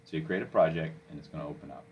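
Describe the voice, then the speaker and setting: Deep-voiced guy doing a software tutorial, kinda dull recording with faint hiss. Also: racing. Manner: plain, step-by-step, coaching with "okay?". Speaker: software instructor.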